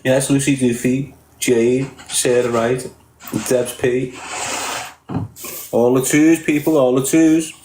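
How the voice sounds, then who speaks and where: A man with a Liverpool accent talks casually to his livestream viewers, teasing them bluntly and swearing freely. His voice sits at an ordinary pitch. The room around him gives it a noticeable echo. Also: steady tone, slow pace, long pauses, a little mellow, a little hiss or hum. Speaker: livestreamer reading viewer comments.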